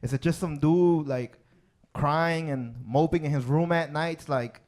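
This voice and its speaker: Chicago guy doing stand-up, kinda high voice, keeps going "right? man". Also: measured pace, a little mellow. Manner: conversational, tags lines with "right?" and "man". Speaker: stand-up comedian. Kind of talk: stand-up set. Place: comedy club stage with live audience.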